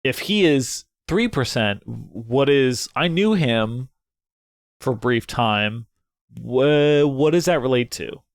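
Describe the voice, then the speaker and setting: A young man casually narrating his way through a story game, thinking out loud, excitable and prone to swearing. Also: mid-range voice, slow pace, no room sound. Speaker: game let's player. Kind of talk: casual gameplay commentary.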